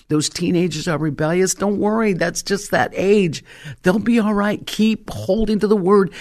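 A woman pastor preaching a fervent, exhorting sermon, her voice leaping up in pitch for emphasis. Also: darkish tone.

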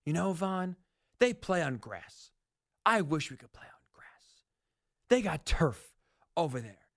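A man's voice: on the high side, sing-song, measured pace, creaky, heavily acted. A man voicing a blunt, no-nonsense football coach who lectures a player in a paternal, dismissive way. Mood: stern lecturing. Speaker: commentator persona.

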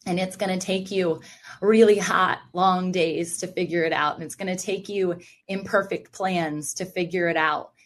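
A woman hosting a podcast speaks in a lower-pitched voice, reflective and faith-centered. She reacts warmly and laughs often during casual chat with her guest. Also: fairly even intonation, normal speed. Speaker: podcast host.

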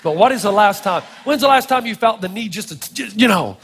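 A high-voiced man preaching in a church, his words carrying a long hall reverb. He talks in an animated, playful way, jumping into little acted-out voices. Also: a little fast, slight background noise. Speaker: pastor. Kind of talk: sermon.

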